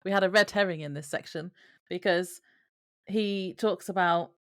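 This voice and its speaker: A woman's voice: on the low side, fairly even intonation, moderate pace, smooth. A woman co-hosting a podcast in casual chat, reacting and laughing along. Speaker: podcast co-host.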